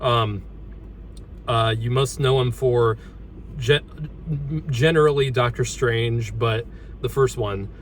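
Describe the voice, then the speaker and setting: A man hosting a casual movie review, halting often with ums and restarts as he talks through a horror mask. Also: mid-range voice, steady tone, a little hiss or hum.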